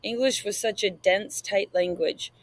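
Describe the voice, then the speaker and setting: A woman reading an audiobook aloud, narrating in the first person in a measured, reflective way. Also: medium pitch, no room sound, poor audio.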